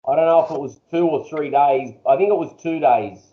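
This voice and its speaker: Australian man, relaxed guest, high pitched, heard over a dull echoey video call. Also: brisk. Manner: relaxed, chuckles often. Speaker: interview guest, engine builder. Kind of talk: casual interview chat.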